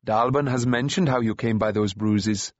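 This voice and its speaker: A weathered warrior prince, read by a man, speaking with quiet, measured authority. The voice is slightly husky and the recording dull and dry. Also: on the low side, no echo, close to an everyday voice. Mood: calm, wise. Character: tall weathered warrior prince, calm and wise.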